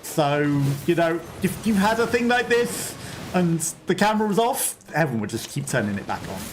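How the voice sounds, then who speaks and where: A man's voice: on the high side, big pitch swings, normal speed, a little hiss or hum. A man streaming a video game, chatting casually and laughing often. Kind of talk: casual livestream commentary.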